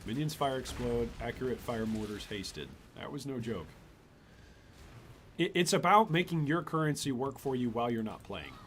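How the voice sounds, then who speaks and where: A man's voice: medium pitch, animated, normal speed, fairly bright tone, a little hiss or hum. A man hosting a gaming channel, giving casual gameplay commentary with rambling, exasperated asides.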